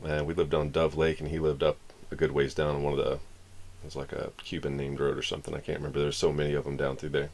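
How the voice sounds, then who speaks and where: His bass voice is flat in delivery, quick, creaky, and a bit mellow. Streaming live, this Florida man rambles casually through a long story, voicing the dialogue of each person involved.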